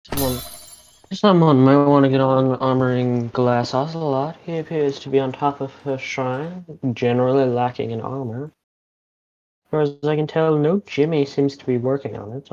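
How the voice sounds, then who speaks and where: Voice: mid-range voice, steady tone, normal speed, darkish tone. A game player reading a book aloud and narrating in a playful, mock-grand way over voice chat. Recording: lo-fi voice chat audio.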